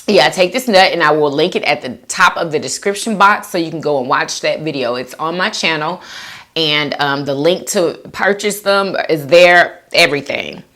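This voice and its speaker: A woman hosting a mukbang video, chatting casually to viewers while eating and reading their comments aloud. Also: moderate pace. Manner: laid-back with lively swoops of pitch. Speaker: mukbang vlogger.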